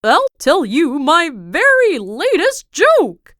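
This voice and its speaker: A woman voicing a jokey, boastful male storybook character, loud and pleased with himself. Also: high-pitched, huge pitch swings, slow pace, dry recording, clean studio sound, voice pushed up, full character voice.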